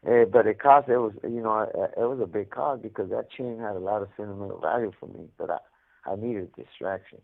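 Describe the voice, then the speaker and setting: A man's voice: fairly low pitch, fairly quick, gravelly. A man from Mexico, telling stories over a phone call with streetwise slang and frequent laughs. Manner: streetwise slang, laughs often, acts out voices. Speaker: incarcerated caller. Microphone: prison telephone. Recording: tinny jail phone line.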